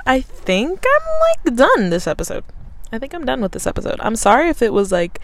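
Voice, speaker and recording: A woman's voice: on the high side, huge pitch swings, a little slow, vocal fry, pauses often, noisy background. Rambling, foul-mouthed young woman podcaster. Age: 20s. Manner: rambling, swears a lot, offhand and self-mocking. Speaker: podcast host. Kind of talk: casual solo podcast chat.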